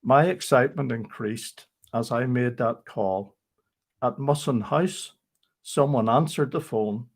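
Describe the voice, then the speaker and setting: An older man reading a rhyming memoir aloud, steady and measured, with brief chat. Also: medium pitch, vocal fry.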